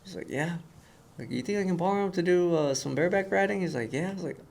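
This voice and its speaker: A man telling a story in casual conversation, animated and acting out the voices of the people in it. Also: high voice, quick pace, gravelly. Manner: animated storyteller who acts out quoted voices. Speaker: guest.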